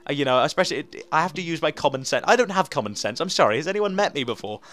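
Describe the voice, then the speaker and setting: Racing along in an animated, fairly bright voice on the high side, this young man from England does let's play commentary for his gaming channel on YouTube. He narrates each move, teases himself, and chatters away to himself as he plays.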